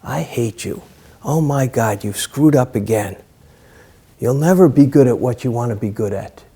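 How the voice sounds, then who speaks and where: A hushed, sneering inner critic that nags in a low mutter, as a man acts it out. The voice drops far quieter than his usual talk and trails off into murmurs. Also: animated, moderate pace, slightly rough. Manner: muttering, sneering self-put-downs. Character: nagging inner critic voice, male.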